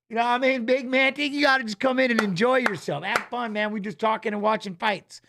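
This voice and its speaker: High-voiced man rambling through a watch-along. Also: brisk, few pauses, pushed and bright. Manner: loose, rambling, chats with viewers, reads fighter stats aloud; frequent "you know what I mean" tag. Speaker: host of a fight watch-along. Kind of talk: casual live watch-along commentary.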